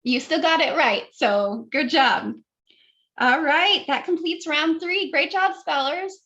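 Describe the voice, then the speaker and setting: High-voiced woman hosting a spelling bee. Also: slow, sharp tone, lo-fi sound. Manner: polite, apologetic, encouraging. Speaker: spelling bee pronouncer and host. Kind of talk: reading words on a video call.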